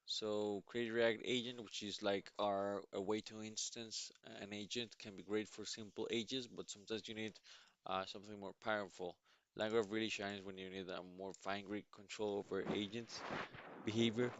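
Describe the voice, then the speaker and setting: A man live-streaming his coding, reading documentation aloud and musing with halting restarts; he sounds sleepy. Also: on the low side, little pitch movement, a bit bright. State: sleepy, yawning. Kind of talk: thinking aloud while reading docs.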